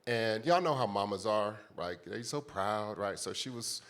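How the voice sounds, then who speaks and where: A man in his fifties from the United States tells a personal story from a conference stage. His voice sits low, and his delivery is heartfelt and conversational. He speaks straight to the crowd in front of him. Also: lively intonation, normal speed, a bit bright. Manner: heartfelt, conversational, addresses the audience directly. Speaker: panelist.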